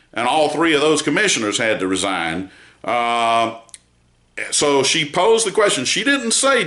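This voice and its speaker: Male news commentator, measured and emphatic with many fillers; bright voice in a roomy space. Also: mid-range voice. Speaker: news site founder giving a report.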